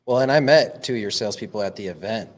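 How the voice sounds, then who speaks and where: A man's voice: lowish voice, quick pace. A man hosting a podcast interview, agreeable and affirming as he chats with his guest. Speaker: podcast host.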